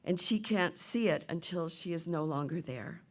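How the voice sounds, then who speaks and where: A middle-aged woman minister preaching a sermon, retelling a play and voicing its characters with lively shifts. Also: on the low side, normal speed. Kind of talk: sermon with storytelling.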